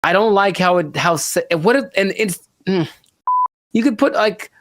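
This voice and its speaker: Young guy with a high voice, rambly jokey podcast chat, dead dry room. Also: moderate pace, a bit bright, no echo. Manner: rambling, joking, trailing off and restarting. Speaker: podcast co-host. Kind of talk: casual chat.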